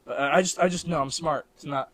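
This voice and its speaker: A man's voice: a little high, fast, fairly bright tone, dry recording. A young man from Missouri in the Midwest, co-hosting a casual podcast chat, rambling with lots of "like" and restarts and laughing often. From Missouri, American Midwest. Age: young adult. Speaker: podcast co-host.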